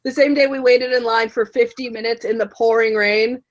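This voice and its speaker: A woman guest on a casual podcast, telling stories with lively enthusiasm. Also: fairly high pitch, normal speed. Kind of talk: casual chat, telling a story.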